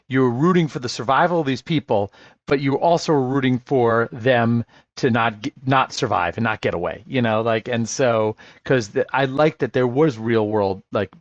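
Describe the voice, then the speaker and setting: A man guesting on a podcast, talking about a film thoughtfully and haltingly, restarting his sentences. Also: mid-range voice, no room sound. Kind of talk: casual film discussion. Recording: dry, dull lo-fi sound.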